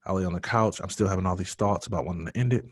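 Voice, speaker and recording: A man's voice: deep voice, rapid-fire, slightly rough. A man as a podcast guest, telling a personal story in an earnest, emotional way.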